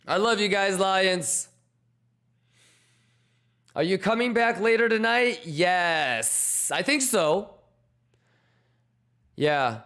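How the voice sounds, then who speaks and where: A man with a high, bright voice running a trading livestream. He talks in an unhurried way, firing off slangy shout-outs to his viewers with loose, hyped energy. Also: animated. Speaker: crypto trading streamer. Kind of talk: casual livestream chat.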